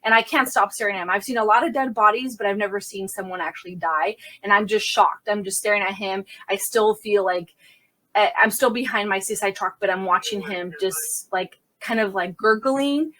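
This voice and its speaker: Woman CSI as podcast guest, mid-pitched, recounting a scene in a vivid, self-correcting conversational telling. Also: sharp tone. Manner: vivid retelling, quick restarts and self-corrections. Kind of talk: personal storytelling in conversation.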